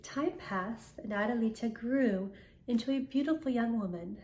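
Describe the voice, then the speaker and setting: An older woman, the show's host, reading a picture book aloud in a gentle, chatty way. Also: on the high side, measured pace, roomy sound. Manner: gentle, chatty explanations, careful with foreign phrases. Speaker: storyteller.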